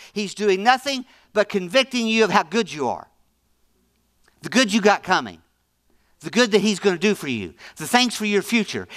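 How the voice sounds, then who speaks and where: High-voiced fervent male preacher. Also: pushed and bright. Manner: fervent, repeats phrases for emphasis. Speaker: pastor. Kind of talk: sermon.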